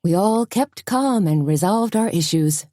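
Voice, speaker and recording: A woman reading an audiobook, voicing a brisk café owner with a dry, sarcastic manner. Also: medium pitch, lively intonation, warm tone, dry recording, voice pushed up, lightly acted. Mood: wry.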